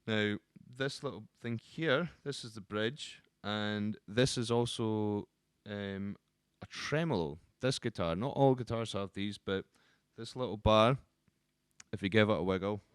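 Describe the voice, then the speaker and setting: A man with a lowish, smooth, clear voice explains the parts of a guitar in a relaxed, casual teaching style, loosely phrased with ums and restarts. The sound is close and dry, with no room sound or echo.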